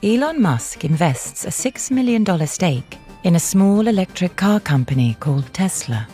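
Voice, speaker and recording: A woman's voice: fairly low pitch, big pitch swings, moderate pace, dark tone. A woman giving scripted documentary narration. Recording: narration over music.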